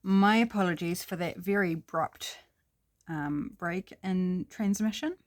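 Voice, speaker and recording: A woman's voice: lowish voice, measured pace. A middle-aged woman with a New Zealand accent, chatting casually and thinking aloud as she works on a craft project at home. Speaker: crafting vlogger.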